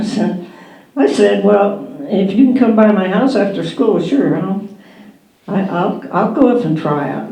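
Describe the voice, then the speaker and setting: An older woman, a former professional baseball player, recounting her start in a halting, unhurried way with soft chuckles at a museum panel. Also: low voice. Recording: roomy hall echo.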